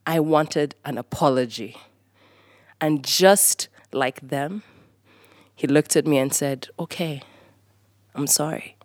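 A woman from Kenya telling a personal story on stage, lively and animated, acting out the voices of people in it. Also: low voice, takes it slowly, pauses often.

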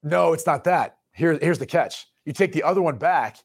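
A man's voice: on the high side, expressive, normal speed, breathy edge. A man in his thirties co-hosting a sports talk show, telling a rambling story in casual chat and laughing mid-sentence. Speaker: co-host.

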